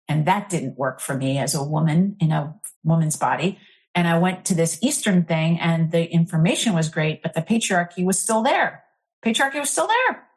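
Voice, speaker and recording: Earnest low-voiced woman telling her story. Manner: earnest, animated, frequent "like" fillers. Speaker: interfaith minister, guest. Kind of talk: candid personal storytelling.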